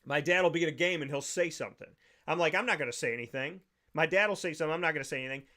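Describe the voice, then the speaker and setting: Emphatic male talk-show host, slightly high, bright and forceful delivery. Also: very fast. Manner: emphatic, preachy, repeats phrases. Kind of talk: opinionated podcast rant.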